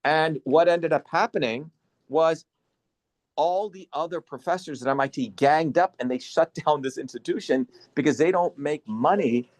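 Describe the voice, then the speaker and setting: A man hosting an online symposium, lecturing forcefully and bluntly over a video call, swearing for emphasis. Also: on the high side, moderate pace, no echo. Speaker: symposium host and educator.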